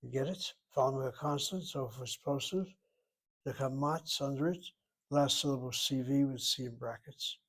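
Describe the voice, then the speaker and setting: A man giving a recorded Hebrew lesson, slowly explaining syllables and vowel marks. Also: medium pitch, a bit bright, low-quality recording. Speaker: Hebrew teacher. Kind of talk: recorded independent-study lesson.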